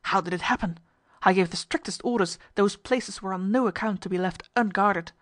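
A woman's voice: medium pitch, moderate pace, dry recording, close to an everyday voice. Woman doing a bossy stern sea captain, snaps orders, dry sound. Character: stern, commanding male ship's captain.

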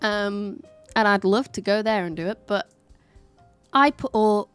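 A woman's voice: mid-range voice, unhurried, fairly bright tone, clear, resonant tone, soft background music. A young woman, co-hosting a casual chat and telling stories with lots of giggles. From England. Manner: chatty, giggly storyteller. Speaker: podcast co-host.

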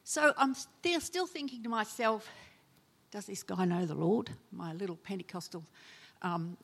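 Husky and a little slow, her medium-pitched voice carries vocal fry as she preaches. A chaplain and preacher, she tells personal stories in her sermon and acts out quoted voices with abrupt, loud emotional lifts.

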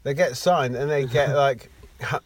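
A man's voice: medium pitch, a little slow. A young man from England co-hosting a podcast in casual chat, swearing and restarting his sentences. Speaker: podcast co-host.

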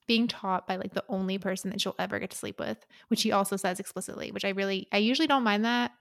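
Young woman, dry skeptical chat, gravelly fry in her voice. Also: mid-range voice, fairly even intonation, fast. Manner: wry, skeptical, often laughing. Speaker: podcast co-host discussing romance novels. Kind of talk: casual chat.

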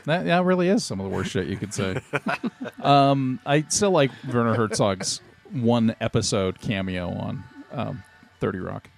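Podcast co-host, male, creaky and animated, meandering talker. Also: lowish voice, unhurried. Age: older. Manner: rambling, loses his train of thought. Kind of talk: casual chat.

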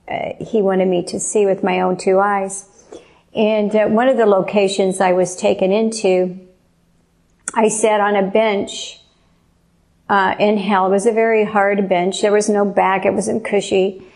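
Earnest woman preaching, gravelly voice. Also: medium pitch, darkish tone. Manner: earnest, slow and emphatic. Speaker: preacher giving a testimony. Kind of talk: testimony sermon.

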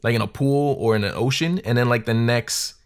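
An easygoing man chats with friends and tells short stories. His delivery stays relaxed and plain. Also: medium pitch, fairly quick, clean tone. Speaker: podcast co-host. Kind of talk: casual chat.

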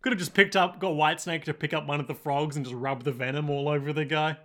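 A man's voice: fairly high pitch, fairly even intonation, sharp tone. A man casually recapping an anime with a friend, laughing often and acting out lines. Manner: laughs often, quick asides, acts out lines.

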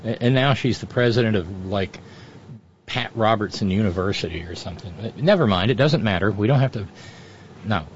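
A man's voice: on the low side, a little fast, slight background noise. A man giving off-the-cuff political commentary, sardonic and profane, rambling with frequent restarts. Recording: dull, dry lo-fi audio.

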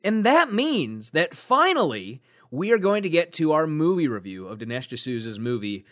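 Lively, animated man co-hosting a podcast. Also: a little high, moderate pace. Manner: animated, joking, thinks aloud with fillers. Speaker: podcast co-host. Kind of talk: casual podcast chat.

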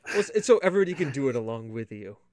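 A man's voice: mid-range voice, sing-song, very fast, a little mellow. A man co-hosting a gaming podcast in casual, joking chat, rambling and full of puns. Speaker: podcast co-host running the stream.

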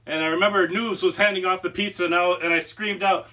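A young man co-hosting a podcast, telling a story in an animated, laughing way. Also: sits high, fairly quick. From Massachusetts, USA. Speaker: podcast co-host. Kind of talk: casual podcast chat.

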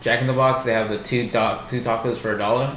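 A man's voice: mid-range voice, steady tone, quick pace, a bit bright, slight background noise. Laid-back young man in an echoey room. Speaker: podcast co-host. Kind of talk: casual chat.

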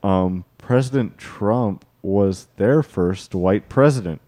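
A man hosting a podcast, chatting casually and teasing his co-hosts in a deadpan way. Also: fairly low pitch, slow pace. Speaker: podcast host. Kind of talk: casual chat.

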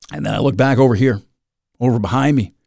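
A man's voice: mid-range voice, vocal fry, a little mellow, dry recording, studio quality. A man hosting a solo podcast, rambling and self-mocking with dramatic asides. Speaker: podcast host.

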